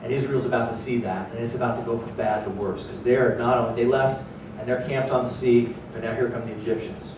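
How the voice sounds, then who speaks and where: A man preaching a sermon as pastor, animated, sometimes acting out panicked voices. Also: fairly quick. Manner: animated, acts out panicked voices in a raised pitch. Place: church. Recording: echoey church hall, distant mic, faint noise.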